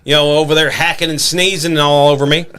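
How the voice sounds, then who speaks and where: A man's voice: on the high side, little pitch movement, fast, sharp tone, clear, resonant tone. A man co-hosting a wrestling promo chat, goading the others with wisecracks. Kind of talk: casual chat.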